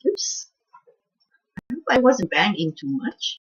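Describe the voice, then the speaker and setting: Female cooking host, soft-spoken and husky, lively up-and-down pitch, rambling home-kitchen chat. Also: measured pace, lo-fi sound. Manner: rambling, chatty, trails off with "I don't know". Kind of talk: casual cooking vlog.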